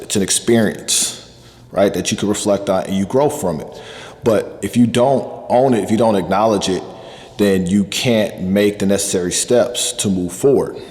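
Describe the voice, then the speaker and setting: A man's voice: fairly low pitch, darkish tone, in a large hall. A man giving a motivational self-improvement talk in an earnest coaching manner, with many fillers and repeated points.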